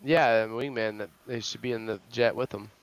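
A man's voice: mid-range voice, fairly even intonation, a little fast, smooth, low-quality recording. A young man with a Southern US accent in casual chat, joking and profane, rambling with restarts. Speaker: chat participant.

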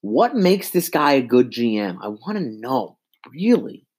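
A man's voice: mid-range voice, big pitch swings, unhurried, darkish tone, husky. A man in his twenties giving an exasperated, profane sports rant into a handheld mic, repeating himself. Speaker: sports fan vlogger.

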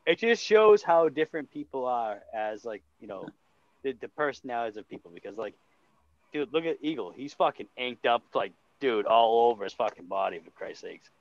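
A man's voice: medium pitch, normal speed, dry recording. A man co-hosting a casual, crude chat, swearing freely, laughing often and slipping into mocking voices. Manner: animated, profane, laughs a lot, does mocking voices. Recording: dull lo-fi sound.

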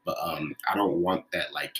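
A young man, a film director talking casually in a relaxed, rambling way. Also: deep voice, normal speed. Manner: relaxed, rambling with many fillers. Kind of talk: casual conversation.

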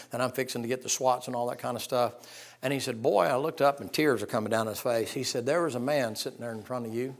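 Middle-aged pastor, folksy storyteller, acts out voices, hushed then loud. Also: male voice, mid-range voice. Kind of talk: sermon.

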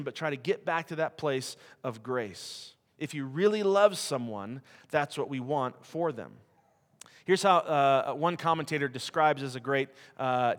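A middle-aged missionary preaches in a church hall, his voice on the high side with a fairly bright tone. He tells stories conversationally and pokes fun at himself, with the hall's long reverb trailing his words.

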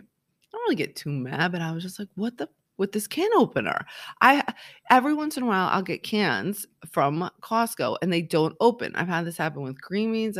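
A woman in her forties hosting a casual solo podcast. She rambles in an animated way, with lots of "like" and "right?". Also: lowish voice. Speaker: podcast host.

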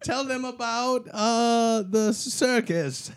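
A man's voice: extremely high pitch, takes it slowly, clean tone, voice pushed up. A man voicing a pompous old-timey British publicist with a hammy put-on British accent.

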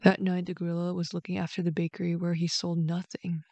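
A woman with a slightly gravelly voice reads a bedtime story aloud, gentle and steady. The sound is dry and close, with no room around it. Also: on the low side, fast talker, dry recording. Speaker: storyteller host.

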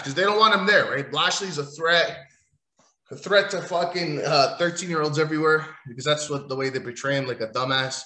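In an echoey room, a man with a slightly high, brisk, pushed and bright voice rants through a recap of a wrestling show. It's casual and profane, full of sarcasm, rambling, and frequent swearing.

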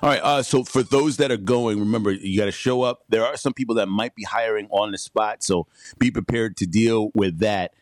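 A man's voice: fairly low pitch, fairly quick, no room sound. A man hosting a morning radio show, chatting casually and asking his guest direct, upbeat questions from the studio.

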